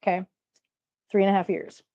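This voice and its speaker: A woman's voice: mid-range voice, flat delivery, a little fast, no room sound. Woman, Minnesotan accent, livestream host, chatty, greets viewers, dull lo-fi sound. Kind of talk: casual livestream chat.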